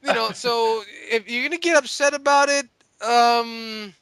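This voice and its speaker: A man's voice: very high-pitched, fairly even intonation, unhurried, pushed and bright, clear, resonant tone, no room sound. A man hosting a podcast with a sore throat, ranting casually in a profane, rambling, joking way. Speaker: podcast host.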